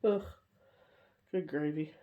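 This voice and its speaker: A woman's voice: low voice, takes it slowly, narrow, tinny audio. A tired woman giving a casual daily tarot reading, rambling and chatty, with lots of "you know" and "like" and frequent laughter. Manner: laughs often while telling stories. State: tired from coughing fits. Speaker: tarot card reader.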